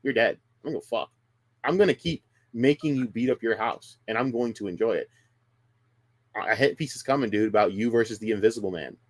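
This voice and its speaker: A man's voice: lowish voice, fairly quick, no room sound. A man streaming heated casual talk, combative and profane, ranting at rivals on a close, dry mic.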